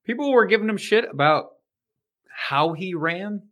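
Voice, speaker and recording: A man's voice: high-pitched, animated, measured pace, muffled recording. A man co-hosting a podcast, joking and swearing casually while discussing football. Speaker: podcast co-host. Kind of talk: casual sports betting chat.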